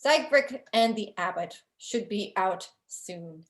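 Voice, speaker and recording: A woman voicing a suspicious, gruff male guide who asks probing questions and makes veiled threats. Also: medium pitch, expressive, slow pace, reverberant.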